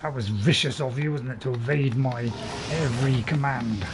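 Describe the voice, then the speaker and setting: Chatty joking gameplay commentator. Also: male voice, mid-range voice, moderate pace, over loud music. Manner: chatty, joking, self-mocking, tries silly voices. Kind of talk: casual let's play commentary.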